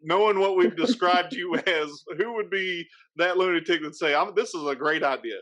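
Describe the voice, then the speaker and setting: A man with a high voice hosts a casual podcast. He laughs easily and asks eager questions. The audio sounds dull and lo-fi. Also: normal speed, fairly bright tone. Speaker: podcast host.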